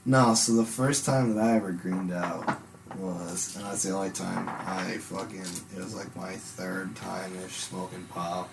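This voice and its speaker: Deep-voiced young man rambling a story. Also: steady tone, a little slow, creaky, noisy background. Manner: rambling, swears a lot, bursts into loud high impressions. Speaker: podcast host. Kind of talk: casual chat, storytelling.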